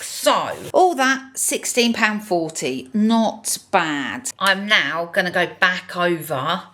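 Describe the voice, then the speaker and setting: A woman's voice: fairly low pitch, bright, forceful tone. A woman vlogging in a chatty, self-deprecating way about her day. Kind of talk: casual vlog narration.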